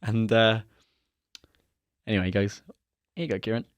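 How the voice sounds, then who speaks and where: A young man telling a story in a casual chat, animated and acting out the dialogue he quotes. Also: fairly low pitch, normal speed, smooth, dry recording. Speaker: podcast guest.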